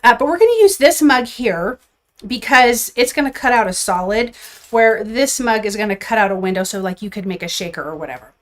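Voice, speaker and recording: A woman's voice: mid-range voice, animated, brisk. A woman hosting a live craft demo, chatting casually and greeting viewers by name, with rambling asides and self-corrections. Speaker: crafting livestream host.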